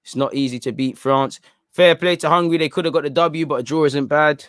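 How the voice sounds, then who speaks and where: A young man hosting a live football watchalong, talking in an animated, slangy, opinionated way. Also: on the high side, a little fast, clear, resonant tone, no echo, clean studio sound. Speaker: football channel host. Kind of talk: live match watchalong commentary.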